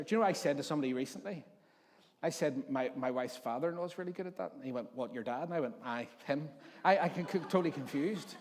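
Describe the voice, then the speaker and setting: This is a man of forty, a pastor from Northern Ireland, whose somewhat high voice sounds quick and animated as it fills a large church hall. His sermon is conversational and packed with jokes and acted-out voices he has overheard.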